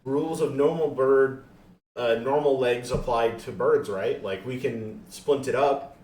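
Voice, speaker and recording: A man's voice: mid-range voice, unhurried, a little mellow. A man playing a tabletop game, talking eagerly and playfully. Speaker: player. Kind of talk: casual tabletop game play. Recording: roomy, distant mic, faint ambient noise.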